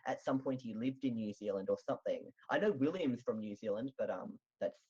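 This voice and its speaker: Chatty Australian chat host, husky voice. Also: medium pitch, animated, a little fast, a little mellow, highs cut off. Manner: chatty, laughs often, storytelling. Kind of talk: casual group voice chat.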